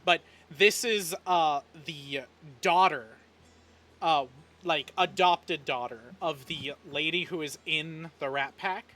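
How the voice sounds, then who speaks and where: A man's voice: a little high, slow pace, sharp tone. A man narrating as game master of a tabletop campaign in a casual, rambling way.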